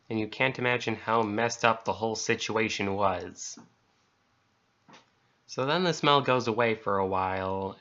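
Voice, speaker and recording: A man's voice: on the low side, bright, forceful tone, lo-fi sound. A man casually reading a horror story aloud, swapping swear words for letters and euphemisms as he goes. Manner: conversational, self-censoring swears with letters.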